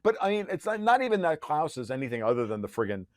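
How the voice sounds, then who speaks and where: A man's voice: on the high side, big pitch swings, fast, no room sound, studio quality. Fiery, sarcastic man with a raised voice. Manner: profane, sarcastic, restarts often. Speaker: podcast guest. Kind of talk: heated conversational rant.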